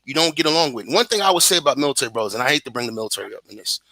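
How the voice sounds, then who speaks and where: A man's voice: medium pitch, big pitch swings, racing, pushed and bright, no echo. A man from the United States calling in from abroad, talking politics in a heated, profane, rambling way with many restarts. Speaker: guest on a talk stream. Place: living in Germany.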